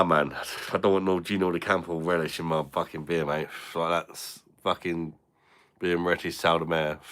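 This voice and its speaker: Host, low and bright-toned, blunt, swears freely, banters with chat. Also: male voice. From Britain. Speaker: beer reviewer hosting a live stream. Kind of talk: casual live-stream chat.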